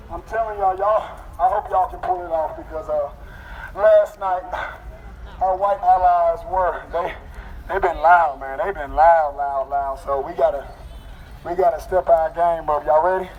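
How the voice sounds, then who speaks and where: A man leading a street protest crowd in call-and-response chants, rousing and loud. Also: sits high, steady tone, measured pace, narrow, tinny audio. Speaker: protest leader. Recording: outdoor crowd and street noise.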